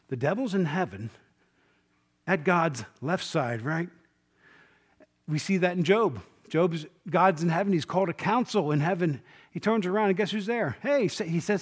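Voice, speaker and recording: In an informal Bible class, a male preacher talks conversationally at a normal speed with lively intonation. He poses questions to the class, acts out quotes, and drops to a low, quiet voice on key points.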